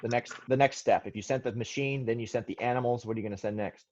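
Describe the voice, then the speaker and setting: A man's voice: medium pitch, fairly even intonation, fast talker, a little mellow, a little hiss or hum. A male history teacher lectures in a classroom, restarting sentences and backing up as he goes. He keeps throwing questions out to his students. The recording sounds muffled and lo-fi. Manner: rambling, self-correcting, quizzes students.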